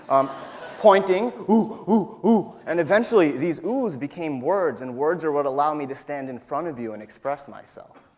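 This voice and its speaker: Punchy young man giving a stage talk. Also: a little high. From New York. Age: young adult. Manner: punchy, emphatic, playfully profane. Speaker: student speaker. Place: stage before a live audience.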